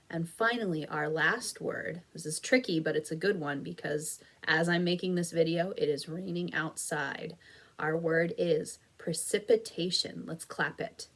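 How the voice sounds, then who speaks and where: Slow, patient woman teaching phonics. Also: fairly low pitch, creaky, fairly bright tone. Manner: slow, stretched-out clapping of syllables; encouraging, patient classroom tone. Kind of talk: recorded phonics lesson for young children.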